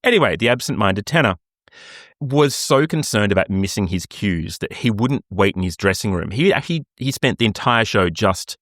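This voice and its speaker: Animated Australian man, lively pitch. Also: normal speed, dry recording, studio quality. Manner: animated storyteller, laughs often, jumps to high voices for quotes. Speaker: podcast co-host. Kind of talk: casual chat.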